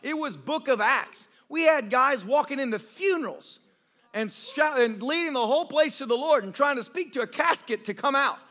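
A male pastor telling testimony stories in a sermon, excitable and animated, tumbling over his own words as he goes. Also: extremely high pitch. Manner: excitable, animated storyteller with fast restarts. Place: church service.

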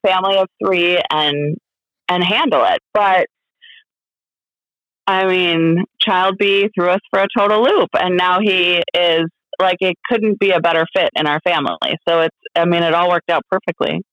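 A woman speaking as an interview guest, candid and halting, full of fillers and restarts, laughing now and then. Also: lowish voice, steady tone, dry recording, highs cut off. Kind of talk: casual interview chat.

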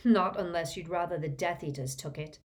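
Young wizard guy read by a woman, firm and curt, low-ish. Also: moderate pace, natural voice.

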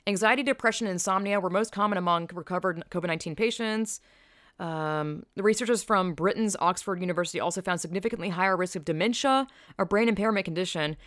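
A woman's voice: lowish voice, fast, a bit bright, dry recording, studio quality. A young woman hosting a podcast and chatting casually on a headset mic, candid and profane, drifting from one tangent to the next. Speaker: podcast host. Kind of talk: casual rambling chat.

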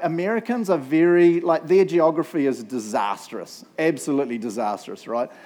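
A man's voice: medium pitch, a little mellow. Chatty New Zealand pastor, middle-aged man. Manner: chatty, humorous, keeps tagging "right?". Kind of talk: casual sermon storytelling.

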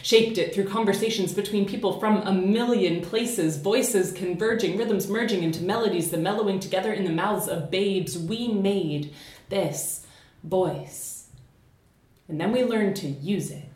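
A woman from the United States with an American accent softened by years in Scotland, chatting on a podcast and then performing a spoken word poem in a measured, rhythmic delivery. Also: medium pitch, roomy sound. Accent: American, slightly shifted by living in Scotland. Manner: measured, rhythmic poetic delivery with deliberate slowing.

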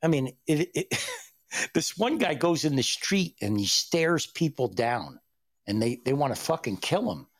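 A man chatting casually with a lively, swooping voice. He tells crude, rambling stories and laughs along with them. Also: on the high side, measured pace. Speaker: regular on a casual chat show. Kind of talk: casual chat.

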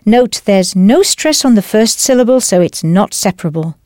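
A woman teaching a language lesson in a clear, patient, encouraging scripted voice. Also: medium pitch, animated, moderate pace, darkish tone, no room sound, clean studio sound.

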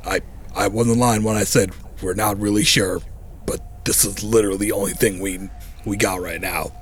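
A man's voice: fairly low pitch, steady tone, normal speed, slight background noise. A man playing a tabletop game, talking in an easygoing, casual way. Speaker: player.

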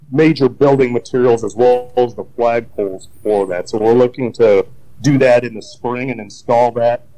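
A man of ordinary pitch talks through his answers patiently, explaining things step by step. He often pauses on ums and restarts his sentences as he goes. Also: darkish tone, poor audio. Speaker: county emergency management director. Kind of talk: casual interview answers.

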